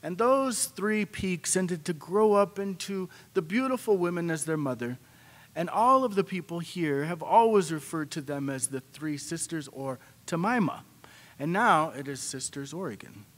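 A man telling a traditional story to a live audience, unhurried and animated, slipping into voices for the people in the tale. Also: on the high side. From Pacific Northwest, United States. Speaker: storyteller at a library event. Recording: long hall reverb.

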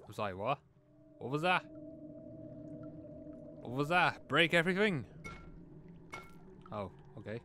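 A young man casually plays a horror game for a let's-play, talking to himself and jumpily calling out at every noise with startled outbursts. His fairly high voice is animated, pushed, and bright, at a measured pace with frequent pauses.

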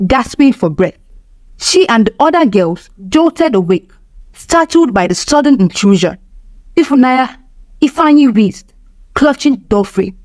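Woman reading a spooky story, kinda high voice, dry close sound. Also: a little mellow, no echo. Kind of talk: scripted narration.

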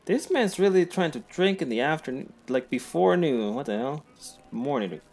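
Gravelly man joking through a game. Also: fairly high pitch, big pitch swings, normal speed, a little mellow. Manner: casual, joking asides. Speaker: streamer. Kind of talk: gameplay commentary.

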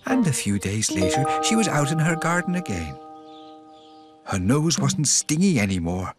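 A man narrating a scripted cartoon story for preschool children in a gentle, sing-song way, asking the listener questions. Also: medium pitch, sing-song, normal speed. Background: music.

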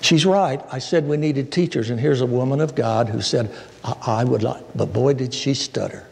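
A male pastor preaching a sermon in a church, telling stories in a folksy, animated way. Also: mid-range voice, moderate pace, vocal fry. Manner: storytelling, folksy, animated asides. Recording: echoey church hall.

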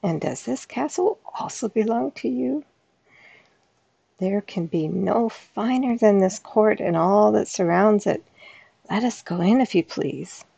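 A woman's voice: medium pitch, lively intonation, measured pace, gravelly, warm tone, husky, no echo, exaggerated voice. A woman reading as an astonished storybook king. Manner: exclaiming, astonished. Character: impressed, courteous old-fashioned male king.

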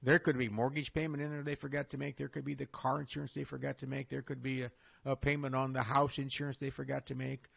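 A man's voice: mid-range voice, little pitch movement, fast, creaky, a bit bright. An older man hosting a radio talk show, talking in a folksy, rambling way with many restarts and chuckles. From Iowa. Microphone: studio microphone.

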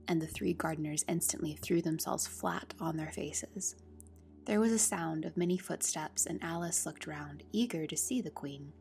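A woman narrating a classic children's story in soft, half-whispered tones. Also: deep voice, moderate pace, vocal fry. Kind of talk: storybook reading. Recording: soft music under the reading.

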